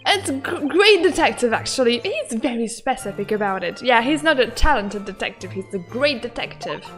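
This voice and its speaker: Giggly excitable young woman gamer. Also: on the high side, normal speed, few pauses, music in the background. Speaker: game streamer. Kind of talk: casual let's-play commentary.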